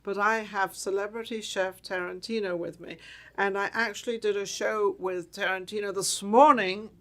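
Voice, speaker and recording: A woman's voice: mid-range voice, fairly even intonation, moderate pace. A woman hosting a talk show interview, chatting casually and rambling, often repeating herself.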